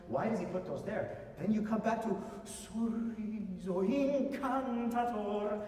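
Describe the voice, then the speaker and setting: A man conductor coaching a singer in a master class, emphatic and animated, often singing phrases to show them. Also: high voice, slow, hardly any pauses, slight background noise. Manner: animated, emphatic, sings and speaks phrases to demonstrate. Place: concert hall. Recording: echoey hall from far off.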